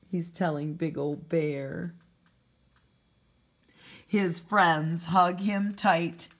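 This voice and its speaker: A preschool teacher, a woman, reading a picture book aloud to young children, gently asking them questions and explaining words. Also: lowish voice, fairly even intonation, drawn-out words, long pauses.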